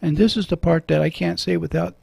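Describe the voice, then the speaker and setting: A man's voice: a little high, steady tone, fairly quick, creaky, a little mellow, husky, no echo. A middle-aged man hosting a radio talk show from a studio, earnest and preacherly, moved when he quotes scripture.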